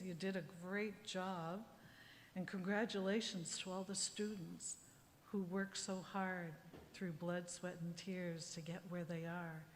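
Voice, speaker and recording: A woman's voice: lowish voice, a little hiss or hum. Heartfelt woman elder in an echoing hall. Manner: heartfelt, unhurried, reflective. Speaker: community elder giving a welcome. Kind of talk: ceremonial welcome speech. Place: large hall at a university graduation ceremony. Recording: livestream audio with hall reverb and faint ambience.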